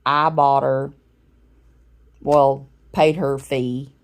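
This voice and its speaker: A woman in her forties speaks slowly in a low voice, like a vlogger talking to her viewers. She rambles and fills the gaps with ums, and she sounds a bit unwell while she sits in her recliner at home. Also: little pitch movement. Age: 40s. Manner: rambling, chatty storytelling with many fillers. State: unwell, recovering from a head injury. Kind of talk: casual talking-to-camera vlog.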